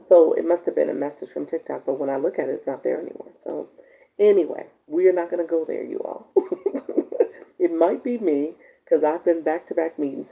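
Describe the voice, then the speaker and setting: Woman live-stream coach with a low, very dark, gravelly voice; chatty, laughs a lot, reads viewer comments aloud; dull lo-fi audio.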